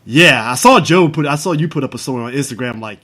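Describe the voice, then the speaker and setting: A relaxed man co-hosting a podcast, talking movies in a loose, easygoing way. He laughs a lot and curses casually. His voice sits at an ordinary middle pitch. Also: fast. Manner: laid-back, laughs often, swears casually. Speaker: podcast co-host. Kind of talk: casual chat.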